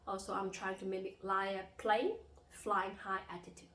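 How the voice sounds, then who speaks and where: A young woman teaching a language lesson as a tutor, pausing to demonstrate tones with long drawn-out sung vowels. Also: mid-range voice, flat delivery, fairly bright tone, echoey room, low-quality recording. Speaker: Mandarin and Cantonese tutor.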